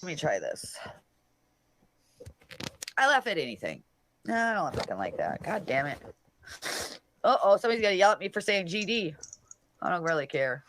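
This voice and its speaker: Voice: medium pitch, sing-song, moderate pace, long pauses, a bit bright, a little hiss or hum. A solo livestream host reading chat comments aloud and answering them in a blunt, profane, combative way. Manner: talks back to chat comments directly.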